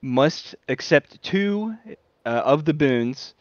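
A man's voice: fairly high pitch, expressive, slow pace, no echo, highs cut off. A man playing in a tabletop game, laughing, swearing and reading from his notes. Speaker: player. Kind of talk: casual chat at a tabletop game.

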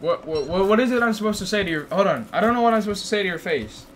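Goofy high-pitched male game streamer. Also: rapid-fire, slight background noise. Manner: goofy, teasing banter with sudden excited outbursts. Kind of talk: casual live-stream gameplay chat.

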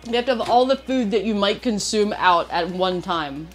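A woman chats upbeat and casual on a cooking livestream, warmly thanking viewers by name. Her voice sits at an average pitch, with faint music running underneath. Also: expressive, normal speed. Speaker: cooking stream co-host. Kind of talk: casual chat while livestreaming.

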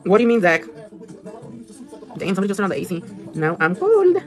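A chatty woman livestreams her nail work, talking fast in a lowish voice while music plays behind her. She swears casually, mixes in Spanish, and reads viewer comments aloud.

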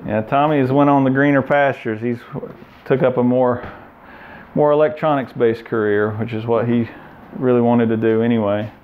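A man giving a relaxed, plain-spoken tour of his indoor workshop, pointing out machines and tools. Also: mid-range voice, moderate pace, clear, resonant tone, phone-quality sound. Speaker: shop owner giving a tour. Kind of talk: casual walkthrough tour.

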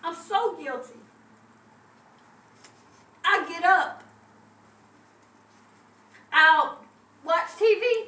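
A woman's voice: extremely high pitch, drawn-out words, pauses often, bright, forceful tone. A middle-aged woman preaching a sermon with a fervent, repetitive cadence, heard in a church. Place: church sanctuary. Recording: echoey room from far off.

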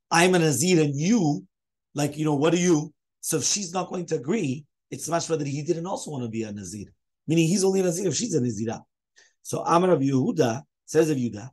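A man's voice: mid-range voice, darkish tone, breathy edge. A man, a rabbi, teaching a Talmud lesson, explaining step by step as he poses questions and answers them.

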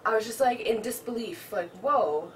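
A woman's voice: fairly high pitch, moderate pace. A young woman chats and chimes in while co-telling a story at home, a chatty and easygoing voice. She sits some distance from the mic, with a faint hum of background noise around her. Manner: chatty, laughing along, chiming in. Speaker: vlog co-host. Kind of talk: casual storytelling chat.

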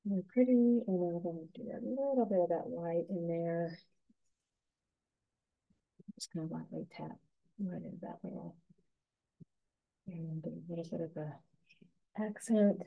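A woman giving a gentle, unhurried step-by-step painting lesson as the instructor. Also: lowish voice, vocal fry, phone-quality sound.

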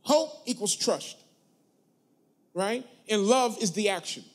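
Pastor, male, high voice, sermon delivery with call-and-response, loud emphatic bursts between low asides. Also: lively intonation, slow. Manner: preachy, call-and-response with the congregation.

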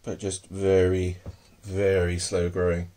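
A man's voice: low voice, completely flat delivery, takes it slowly, warm tone. Easygoing man with lots of ums. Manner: hesitant, many ums, murmurs fondly to his pets. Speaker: tarantula keeper. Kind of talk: casual hobby video.

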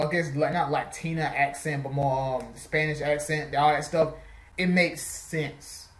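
A man's voice: a little high, roomy sound, poor audio. A man with an American accent hosting a casual reaction video, rambling and correcting himself as he goes. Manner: rambling, restarts and self-corrections. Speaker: host.

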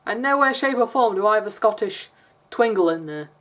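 A woman's voice: medium pitch, animated, fairly quick, a bit bright. A woman from England with an English accent, chatting casually in a rambling vlog and laughing often. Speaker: vlogger.

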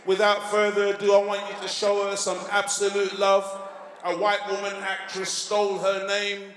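A man's voice: sits high, completely flat delivery, moderate pace, a little hiss or hum. A man hosting a live comedy show, hyping up the audience and introducing acts. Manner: hyping the crowd, shouting introductions. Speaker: host. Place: large hall on stage. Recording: echoey hall with loud crowd.

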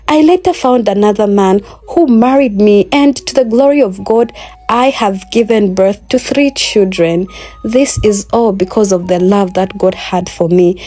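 A woman tells a moral folktale in the first person. She speaks earnestly and in a moralizing way. Her voice sits at a middling pitch. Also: mellow. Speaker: storyteller. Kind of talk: first-person story narration.

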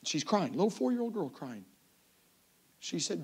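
A middle-aged man preaches a storytelling sermon. His voice sits high and rises and falls with great animation, and he acts out the people in his story. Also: sing-song, normal speed, pauses often, darkish tone, breathy edge. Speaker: evangelist preacher.

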